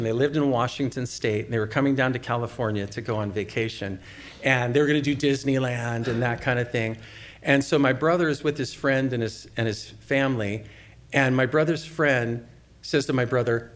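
Middle-aged man, pastor's sermon, relaxed storyteller who asks the room questions. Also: medium pitch, normal speed.

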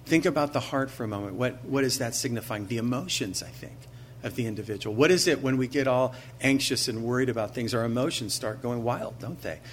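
A man of middle pitch preaches an earnest sermon. He keeps it conversational, asking rhetorical questions often and drawing out key phrases for weight. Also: brisk, a little hiss or hum. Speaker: pastor.

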